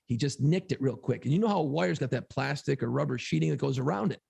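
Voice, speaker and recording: A man co-hosting a podcast, telling a long story in a casual, profane, animated way. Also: mid-range voice, fast talker, creaky, slightly rough. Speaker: podcast co-host.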